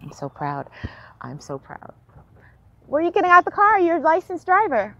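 A woman vlogging as a mother, excited and emotional, laughing and near tears. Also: very high-pitched, moderate pace, dry recording, lo-fi sound. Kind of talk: excited casual vlog.

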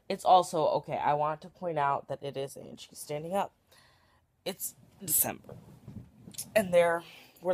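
Give me a chatty vlogger at home with a lively, swooping voice who rambles and slips into whispers. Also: medium pitch, gravelly, slight background noise. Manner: rambling, giggly, often drops to a whisper. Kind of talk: casual chatty vlog.

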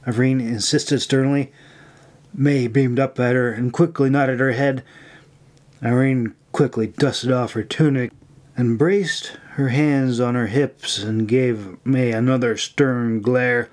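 A man reads his own fantasy novel aloud as an audiobook. His delivery is steady and even, at a middle pitch for a man. The tone is plain storytelling narration. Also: slow. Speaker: author reading his novel.

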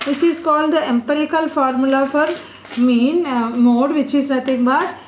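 A woman's voice: sits high, steady tone, moderate pace, slight background noise. A woman teaching a statistics lesson at a board, explaining step by step and putting questions to her class. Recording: echoey room.

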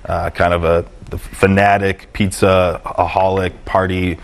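A man with a very low voice, a restaurant owner guesting in a TV studio. He talks with eager, promotional energy about his event. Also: little pitch movement, slow pace. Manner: enthusiastic, promotional. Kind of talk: TV interview.

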